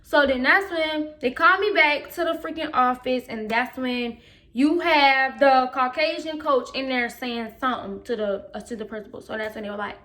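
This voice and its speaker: Storytime vlogger, a woman with a higher-pitched voice, slangy, emphatic, replays her own past comments. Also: moderate pace, bright, forceful tone. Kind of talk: casual storytime.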